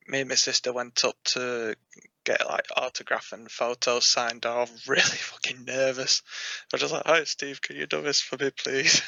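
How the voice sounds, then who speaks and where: Gravelly, slow-talking man. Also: medium pitch, bright, forceful tone, dry recording, highs cut off. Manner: halting, many fillers and restarts, laughs often. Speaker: musician guest. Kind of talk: casual podcast chat.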